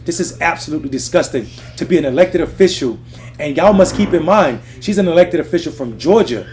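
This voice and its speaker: A man hosts a heated political livestream from a Washington lounge, with music and TVs playing in the background. His voice is a little high, a little mellow, brisk and expressive as he rants profanely and fired-up, addressing his chat directly.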